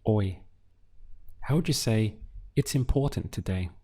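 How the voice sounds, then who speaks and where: Man, language teacher, unhurried, patient, dark mellow voice. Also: lowish voice, breathy edge. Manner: calm, patient, pauses for listener to answer. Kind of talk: slow, deliberate language lesson.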